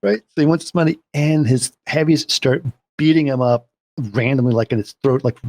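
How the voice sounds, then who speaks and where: A man on a podcast walks through a film's plot in loose, rambling chat, often checking in with his co-hosts. His voice sits at an ordinary pitch. It is recorded close and dry, with no room sound. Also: normal speed, a little mellow, dry recording. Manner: rambling scene-by-scene retelling, frequent "right?". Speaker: podcast co-host recapping a film. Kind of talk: casual chat.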